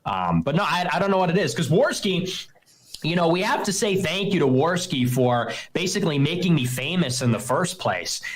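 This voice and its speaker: A man's voice: fairly high pitch, sing-song, normal speed. A young man hosting a live stream, ranting in a scornful, mocking and profane way. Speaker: streamer host. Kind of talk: heated live-stream rant.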